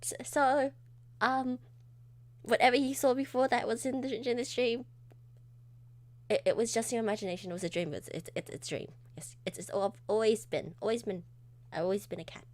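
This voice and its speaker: A woman's voice: fairly high pitch, steady tone, normal speed. Giggly young woman streamer, stumbling words. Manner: giggly, self-deprecating, stumbles over words. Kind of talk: live game commentary.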